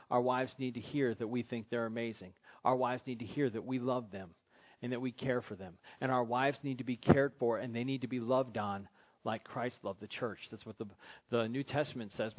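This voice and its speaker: Male pastor, middle-aged, delivering a sermon with humor, mid-pitched voice, muffled church recording. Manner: preaching with humor, putting on silly voices for a husband.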